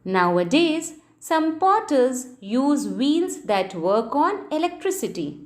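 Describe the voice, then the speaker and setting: A high-voiced woman teacher talks young children through a textbook lesson. Her voice swoops up and down in a sing-song way, and she takes her time. She stops to spell out key words letter by letter. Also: sing-song, slow pace. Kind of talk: reading and explaining a school textbook lesson.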